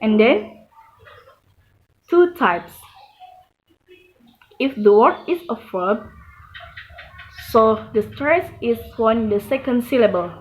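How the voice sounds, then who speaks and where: A woman's voice: on the high side, animated, slow, long pauses, poor audio. A woman with an Indonesian accent presenting a class lesson, reading rules and examples step by step. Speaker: student presenter.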